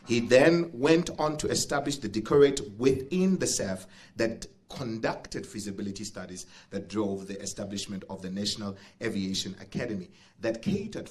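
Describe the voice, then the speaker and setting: A man's voice: fairly low pitch, brisk, hardly any pauses, a little mellow. A man with a South African accent emceeing an event, joking with the audience and laughing often. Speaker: master of ceremonies. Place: event venue.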